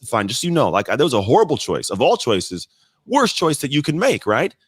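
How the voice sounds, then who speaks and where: A man in his thirties, a podcast guest, telling personal stories in an animated, blunt way with casual swearing. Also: mid-range voice, a little fast, slightly rough, no room sound, studio quality. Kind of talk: casual storytelling in conversation.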